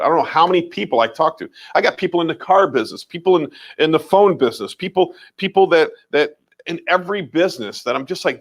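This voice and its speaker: A man's voice: a little high, fast. A man with an American accent co-hosting a casual livestream, talking emphatically and repeating his points. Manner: animated and emphatic, repeats phrases, mild swearing. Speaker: livestream co-host.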